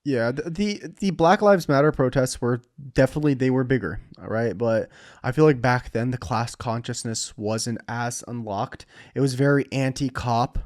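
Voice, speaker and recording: A man's voice: mid-range voice, moderate pace, a little mellow. A man with an ordinary mid-range voice talks in a casual podcast chat. He jokes and swears freely as he makes his points. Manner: profane, joking.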